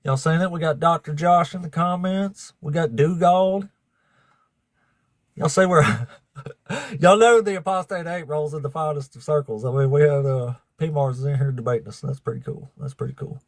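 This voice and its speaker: A man hosts a livestream, chatting loosely with his viewers. He swears freely and laughs often in a somewhat high voice. The sound is dry and close, with little room around it. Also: moderate pace, no room sound. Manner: profane, laughing, talks to chat. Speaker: livestream debate host. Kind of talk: casual livestream chat.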